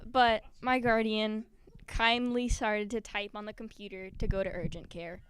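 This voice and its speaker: A woman's voice: mid-range voice, normal speed, clean tone, dry recording. A woman performing a personal story live on stage, nervous and giggly, acting out scenes as she goes. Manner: nervous and giggly, with animated acted-out quotes. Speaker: spoken word performer. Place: stage at a live community event.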